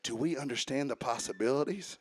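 A man preaching a sermon, swinging from quiet talk to shouting and chanting as he coaches the congregation. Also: medium pitch, brisk, husky, no room sound.

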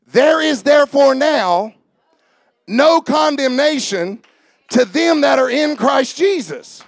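A pastor preaching a sermon, quizzing the congregation and often shouting. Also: male voice, very high voice, expressive, slow pace, vocal fry, dry recording, clean studio sound.

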